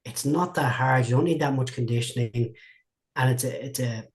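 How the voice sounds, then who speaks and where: Speaking at an ordinary pace in a mid-range voice, a male martial arts instructor spins long, meandering stories in a casual interview. He keeps repeating words and restarting.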